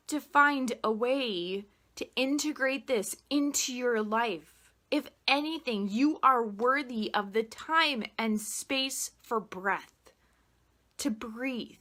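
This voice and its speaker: A woman explaining meditation in a casual, gushing way, swearing freely and saying "like" a lot, then dropping soft and quiet to count a guided breathing exercise. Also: a little high, slow pace. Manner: drops soft and quiet when guiding the breaths. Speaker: meditation teacher.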